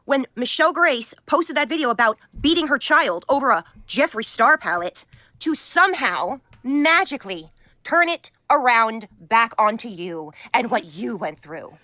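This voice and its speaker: A woman's voice: a little high, expressive, normal speed, bright, forceful tone, no room sound. A woman who works as a mental health counselor, delivering a condescending, scolding monologue full of insults.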